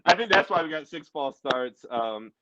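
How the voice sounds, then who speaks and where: Animated man ranting about football. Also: on the high side, heavy background noise. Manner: animated, ranting, quick asides. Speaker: podcast host. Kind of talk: casual sports talk. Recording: dull lo-fi audio.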